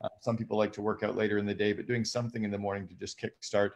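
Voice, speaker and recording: Male guest, low gravelly voice, conversational and methodical. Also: flat delivery, racing. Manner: conversational, explains habits step by step. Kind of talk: casual live conversation.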